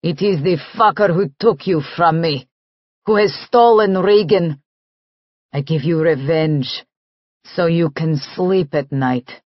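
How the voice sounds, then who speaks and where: A woman voicing a brooding male assassin, speaking low, clipped broken English in an audiobook. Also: slow pace, dry recording, lo-fi sound. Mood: furious. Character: brooding male Russian assassin, intense and possessive.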